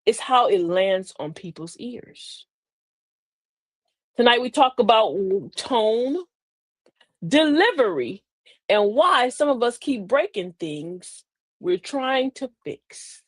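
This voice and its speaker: Woman, live talk host, folksy and preachy, swooping pitch, dry close sound. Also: very animated, slow pace, no echo. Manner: folksy and preachy, addresses listeners as beloved, laughs often. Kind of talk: live-stream talk with viewer shout-outs.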